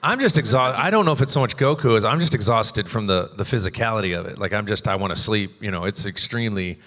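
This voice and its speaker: A man's voice: on the low side, expressive, quick pace, a bit bright, in a large hall. A man who voice-acts, rambling animatedly through stories on a convention panel stage. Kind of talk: casual panel talk.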